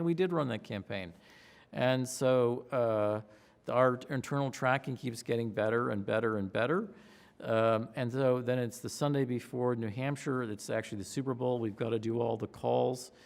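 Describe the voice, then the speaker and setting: A man, a pollster, recounting a campaign story in an interview, acting out his own excitement with gasps and a raised voice. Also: mid-range voice, vocal fry. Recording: long hall reverb.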